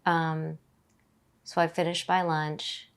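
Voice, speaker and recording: A middle-aged woman, a podcast guest, tells a personal story haltingly, with many fillers and restarts. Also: low voice, flat delivery, clean tone.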